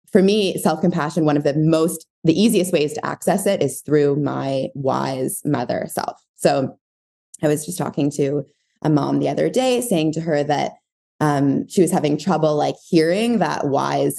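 A woman's voice: low-pitched, vocal fry, mellow. A woman, a parenting coach, talking in a casual interview, reflective and searching for her words with many fillers. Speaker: parenting coach, podcast guest.

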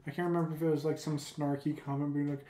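A woman's voice: sits low, flat delivery, fast, dark tone. A woman co-hosting a podcast in casual chat, playful and prone to silly impressions. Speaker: podcast co-host. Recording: echoey room.

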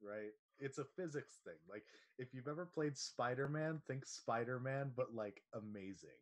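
A man playing in a tabletop role-playing game, rambling and laughing as he pitches ideas. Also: moderate pace. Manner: rambling, laughs often, animated. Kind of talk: casual chat at a tabletop game.

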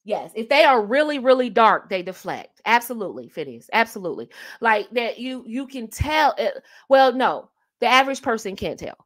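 A woman's voice: on the high side, big pitch swings, moderate pace. A woman hosting a casual advice talk on dating, emphatic and fond of repeating her key phrases with rhetorical asides. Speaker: host giving dating advice.

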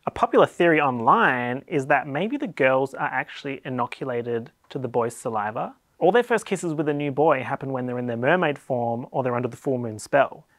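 A man's voice: medium pitch, lively intonation, fairly quick, hardly any pauses, fairly bright tone, dry recording. Wry Australian man, dry close sound. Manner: playful, wry and sarcastic. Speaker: YouTube host. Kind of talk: comedic explainer commentary.

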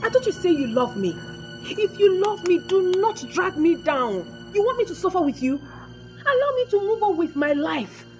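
A woman's voice: very high-pitched, big pitch swings, moderate pace, soft background music. A Nigerian actress playing a haughty young woman who coldly lectures and dismisses her boyfriend. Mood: scornful. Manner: cold, scornful, lecturing. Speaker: actor. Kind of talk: film acting.

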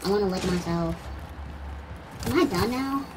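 Playing a shooter game in character as a grouchy, foul-mouthed pit bull puppy, a woman whines, curses and complains in a grumbling mood. Her mid-range voice is lively at a moderate pace, close to her everyday voice, and sits distant under loud gunfire and heavy background noise.

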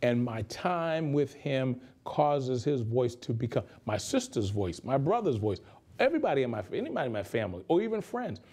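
A man's voice: medium pitch, sing-song, normal speed, warm tone. A male pastor giving a conversational sermon in a radio studio, repeating phrases for emphasis.

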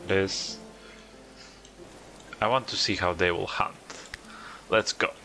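A man's voice: low-pitched, fairly even intonation, slow pace, gravelly, pushed and bright. A man casually commentating his own gameplay, coaxing and teasing the characters on screen. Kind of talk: casual let's-play commentary. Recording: game music behind the voice. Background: game music.

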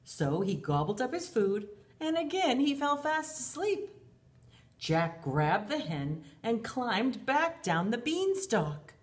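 A preschool teacher, a woman with a slightly high voice, reads a storybook and leads a lesson for young children at a slow pace. Her sing-song delivery has big pitch swings, and she refers to herself by name in the third person.

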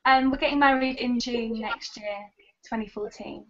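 A woman's voice: on the high side, steady tone, moderate pace, fairly bright tone, a little hiss or hum. Giggly woman, lo-fi. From England. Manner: giggly, chatty with many ums. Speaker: actress and web content creator. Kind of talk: casual interview chat.

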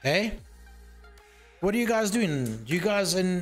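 A man's voice: high voice, big pitch swings, slow pace, soft background music. A man chatting casually and teasingly on a live stream, swearing freely while working on hardware.

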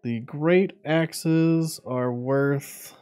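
A man's voice: fairly high pitch, very slow, mellow, smooth, soft background music. Man narrating a tabletop game. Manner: casual, describing scenes, laughing with players. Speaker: game master.

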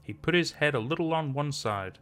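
Man in measured story narration. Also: on the high side, expressive, fairly bright tone. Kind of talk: scripted narration.

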